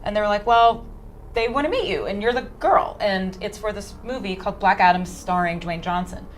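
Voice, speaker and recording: Actress telling a story all animated, doing everyone's lines, some faint background hum. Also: female voice, medium pitch, fairly quick. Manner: animated storyteller, acts out dialogue. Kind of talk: interview anecdote.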